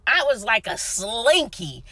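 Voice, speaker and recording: Woman vlogger, bright tense voice, animated storytelling, whispered asides, inside a car. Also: a little high, slow pace, dry recording. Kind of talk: casual storytelling to camera.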